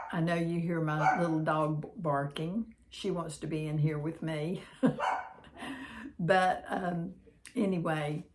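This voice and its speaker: Slow, gentle woman sharing a devotional. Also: deep voice. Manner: gentle, unhurried, with pauses and fillers. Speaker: devotional channel host. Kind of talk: reading a devotional note aloud, then casual chat.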